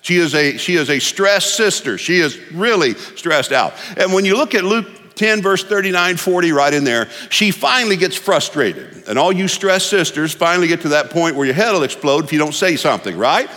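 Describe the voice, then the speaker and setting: A man preaching in a folksy, joking storytelling manner. His voice sits fairly high and sounds bright and forceful. A long reverb from the church sanctuary trails every phrase. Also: animated, normal speed, hardly any pauses. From Texas. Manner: folksy, humorous storytelling with repetitions. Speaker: pastor. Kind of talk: sermon.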